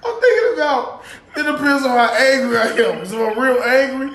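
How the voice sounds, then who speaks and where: A man's voice: very high-pitched, very animated, fairly quick, fairly bright tone, roomy sound. A man telling profane, laughing road-rage stories in casual chat.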